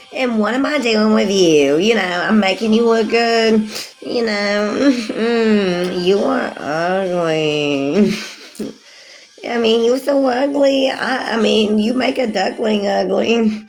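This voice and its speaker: Rambling woman in her forties. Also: fairly high pitch. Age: 40s. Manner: rambling, calls viewers sweetie, laughs often. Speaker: livestreamer. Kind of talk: casual livestream chat with viewers.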